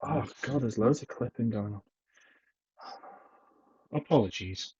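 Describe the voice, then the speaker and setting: Speaking from home through a headset microphone, a young man vlogs in a casual, rambling way, heavy on fillers and self-deprecating asides. His mid-range voice is a little slow and a little mellow, with slight hiss or hum. The audio comes across dull, lo-fi and clipping.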